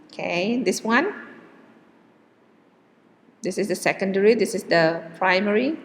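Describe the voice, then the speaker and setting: A woman teaching English word stress, saying each model word slowly and deliberately between hesitant fillers. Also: mid-range voice, a bit bright, in a large hall. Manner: slow, drawn-out model words with hesitant fillers. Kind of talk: pronunciation lesson.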